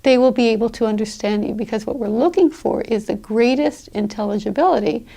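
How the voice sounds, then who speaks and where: A woman gives an online pronunciation lesson in a somewhat high voice with a gravelly edge. She explains things deliberately and now and then fills a pause. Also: mellow. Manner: deliberate, explanatory, with occasional fillers. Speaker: pronunciation teacher.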